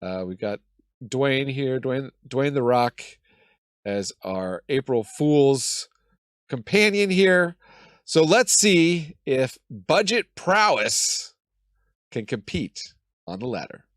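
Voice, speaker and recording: Hoarse male host, cold-roughened voice, casual think-aloud game commentary, dry close sound. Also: mid-range voice, sing-song, slow pace, no echo. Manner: chatty, thinks aloud, self-deprecating laughs. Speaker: gaming channel host.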